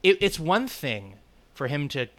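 A man's voice: a little high, sing-song, a little slow, a bit bright. A man chatting casually as a podcast co-host reviewing a movie, wry and laughing often.

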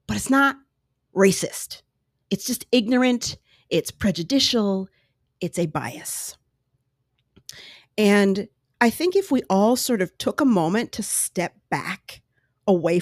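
Animated woman podcaster, lively pitch. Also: no echo, clean studio sound. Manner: animated, acts out quoted voices, candid. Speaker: podcast host. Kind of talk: solo podcast commentary. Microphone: podcast microphone.

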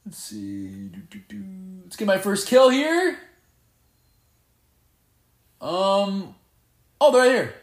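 A man giving live gameplay commentary, excitable and playfully boastful as he trash-talks. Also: high-pitched, slow, pauses often, reverberant. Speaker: gamer.

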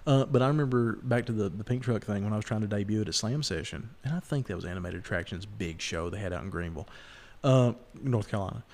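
A man's voice: lowish voice, quick pace, few pauses, a little mellow. A man hosting a podcast, rambling through stories and mimicking the people in them. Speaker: podcast host. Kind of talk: casual storytelling chat.

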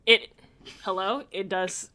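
A woman in her twenties from the United States co-hosting a podcast in casual, slangy, animated chat, laughing often. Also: mid-range voice, takes it slowly, crowd noise. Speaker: podcast co-host.

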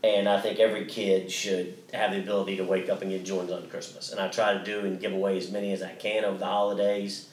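A man's voice: low-pitched, flat delivery, quick pace, hardly any pauses, echoey room, far from the mic, slight background noise. A man co-hosting a podcast, telling a story in a casual, rambling way with many restarts and some swearing. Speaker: podcast co-host.

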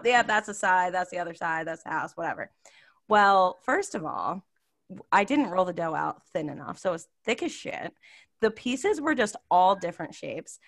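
A lively woman co-hosts a casual podcast. She tells stories with lots of laughter and jumps up into high voices to act out what people said. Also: normal speed. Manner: animated, laughs often, acts out quotes in high voices. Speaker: podcast co-host. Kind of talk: casual chat, storytelling.

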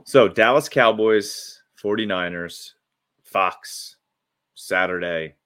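A man with a very low voice co-hosts a casual sports podcast. He talks in an excitable, rambling way and keeps restarting his sentences as his thoughts rush ahead. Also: slow pace, smooth. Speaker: podcast co-host.

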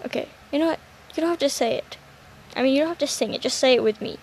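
A young woman hosting a solo podcast, talking in a playful, rambling, self-mocking way that jumps suddenly between loud and quiet. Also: high-pitched, quick pace, rough recording. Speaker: podcast host.

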